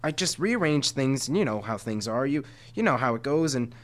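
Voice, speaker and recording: A man voicing a scatterbrained, fussy rat who rambles and squeaks, while reading a story aloud. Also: lively intonation, normal speed, lightly acted. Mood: flustered.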